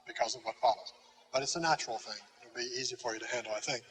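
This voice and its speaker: An older man teaching a classroom Greek lesson, patient and halting with many pauses. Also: medium pitch, fairly even intonation, sharp tone, a little hiss or hum, poor audio. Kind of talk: classroom lecture.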